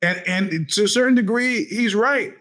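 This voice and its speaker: A man's voice: high voice, moderate pace. A man hosting his own podcast, talking in a casual, sarcastic and profane monologue, often putting on the voices of the people he quotes. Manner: animated, profane, sarcastic storytelling. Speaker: podcast host.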